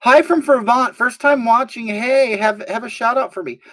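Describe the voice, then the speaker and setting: A woman's voice: fairly high pitch, moderate pace, fairly bright tone. A woman hosting a live stream, reading out viewer comments in a sassy, drawling, mock-sincere way.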